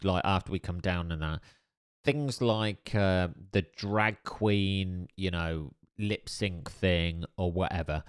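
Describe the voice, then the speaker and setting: A man with a low, smooth voice tells a story in casual chat. He's wry and rambling, with dry humor and plenty of fillers and restarts.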